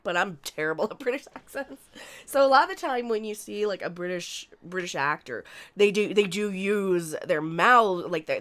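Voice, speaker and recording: A woman's voice: medium pitch, fairly bright tone. A woman co-hosting a casual recap chat, laughing often and making sarcastic remarks. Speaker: co-host of a show recap stream.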